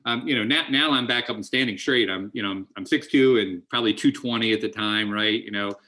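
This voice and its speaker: Earnest low-voiced man telling his story. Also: a little fast, pushed and bright. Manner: earnest, emotional storytelling with many restarts. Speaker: AA speaker. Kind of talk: recovery talk.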